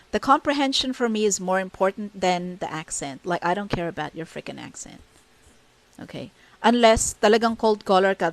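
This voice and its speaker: Blunt Filipino woman giving hiring advice. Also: medium pitch. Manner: blunt and candid, switching between English and Tagalog, many fillers. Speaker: virtual assistant hiring interviewer. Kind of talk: casual advice monologue.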